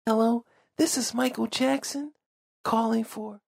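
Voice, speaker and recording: A man doing a soft high breathy celebrity voice. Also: fairly even intonation, measured pace, full character voice. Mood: mimicking.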